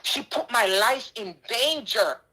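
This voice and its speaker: Indignant Jamaican woman, bright voice. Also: a little high, expressive, slow pace, husky, poor audio. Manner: indignant, emphatic, repeats her points. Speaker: charity donor responding to a dispute. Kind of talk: impassioned personal statement.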